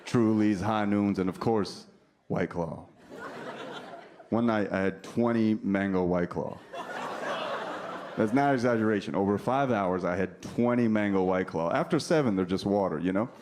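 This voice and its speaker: A man's voice: fairly low pitch, normal speed, a little mellow, a little hiss or hum. A man in his thirties doing a stand-up set, brash and profane, teasing the crowd. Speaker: stand-up comedian. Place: comedy club stage. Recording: live club recording with faint crowd.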